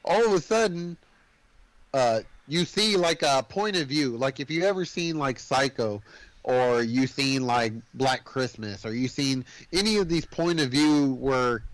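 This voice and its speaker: A man's voice: mid-range voice, measured pace, no room sound, poor audio. Rambling man recapping a movie, dry sound. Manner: rambling, animated retelling with filler words. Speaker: podcast co-host. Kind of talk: casual movie recap chat.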